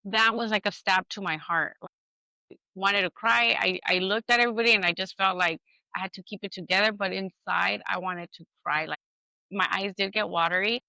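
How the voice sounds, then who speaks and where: A woman's voice: medium pitch, normal speed, creaky, pushed and bright, no echo, low-quality recording. A woman co-hosting a podcast, telling a personal story earnestly and candidly, acting out what others said. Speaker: podcast co-host. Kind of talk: casual podcast chat.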